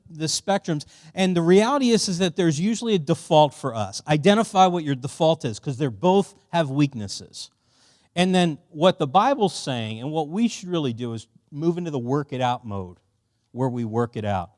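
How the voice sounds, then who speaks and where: Animated man giving a church workshop. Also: on the high side, no echo, studio quality. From Philadelphia. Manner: animated, conversational, loud and boisterous by his own account; casual, with many fillers and asides to the audience. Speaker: workshop speaker.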